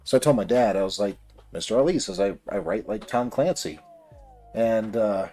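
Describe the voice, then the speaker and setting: A man's voice: fairly low pitch, normal speed, warm tone, soft background music. A man telling a long personal story in a rambling, casual way while building a model kit on a livestream. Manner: rambling, many fillers and restarts.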